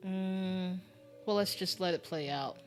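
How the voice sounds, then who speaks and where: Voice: medium pitch, slow, soft background music. A streamer thinking aloud during a casual live-stream game commentary, muttering and musing with lots of fillers.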